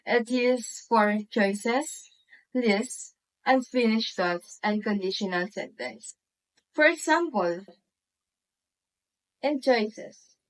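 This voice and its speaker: A woman with a Filipino accent, a student presenting a classroom lesson and reading examples aloud in a slow, deliberate way. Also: fairly high pitch, poor audio.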